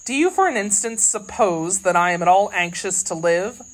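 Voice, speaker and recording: A woman's voice: mid-range voice, expressive, moderate pace, close to an everyday voice. A woman doing a brooding, weary musketeer. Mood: grave. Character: brooding older male musketeer, dry, weary.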